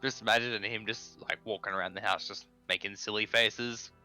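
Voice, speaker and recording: Bright-voiced male gamer, laid-back and profane, faint music under him. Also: on the low side, fairly even intonation, normal speed. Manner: swears freely, laid-back banter. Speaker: let's play co-host. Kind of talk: casual chat over gameplay.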